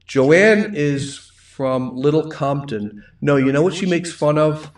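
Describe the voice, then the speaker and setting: A man's voice: fairly high pitch, animated, slow, few pauses, far from the mic. A middle-aged man with a thick Rhode Island accent, hosting a casual live wine show, rambling and reading viewer comments aloud. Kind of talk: casual live-stream chat.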